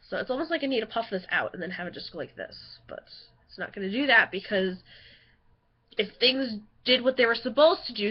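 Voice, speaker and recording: A woman's voice: on the high side, breathy edge, highs cut off. A young woman chatting casually in a rambling home vlog, easily sidetracked and giggly. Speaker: vlogger.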